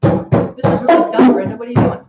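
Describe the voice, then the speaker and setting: A woman teaching an online drumming lesson to kids, encouraging them and chanting short phrases in rhythm. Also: brisk. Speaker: music teacher leading a drum lesson. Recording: echoey room, muffled sound, loud drum music.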